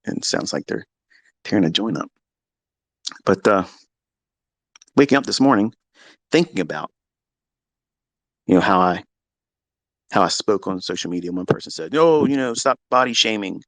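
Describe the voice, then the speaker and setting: A middle-aged man, a trading mentor, speaking in a profane, combative rant from his home basement, moving between low musing and shouting. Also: normal speed, pauses often, no room sound. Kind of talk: unscripted rant to listeners.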